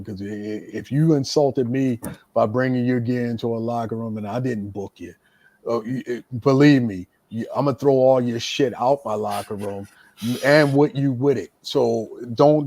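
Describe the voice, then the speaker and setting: A man's voice: mid-range voice, no echo. A veteran wrestler, a man, telling a backstage story in a casual, profane style. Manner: animated, profane, repeats words.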